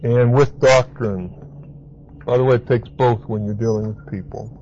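A man's voice: mid-range voice, fairly even intonation, normal speed, darkish tone. Man, preacher, Bible teaching sermon, emphatic, repeats key words, muffled lo-fi recording. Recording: dull lo-fi recording with faint hiss.

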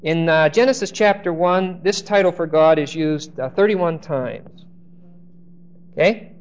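A male Bible teacher lecturing a class, his somewhat high voice caught on a dull, lo-fi recording. He leans hard on key words, drawing them out slowly, and stumbles through restarts and hesitations between points. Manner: emphatic, slows and stresses key words.

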